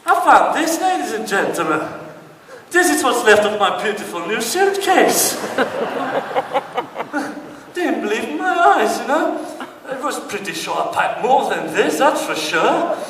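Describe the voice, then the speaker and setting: Male stand-up comic from Britain, high voice, slow delivery, heard from far off in a reverberant hall. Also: very animated, fairly bright tone, a little hiss or hum. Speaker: stand-up comedian. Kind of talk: stand-up comedy monologue on stage. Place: theatre stage before an audience. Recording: distant, echoey hall with long reverb.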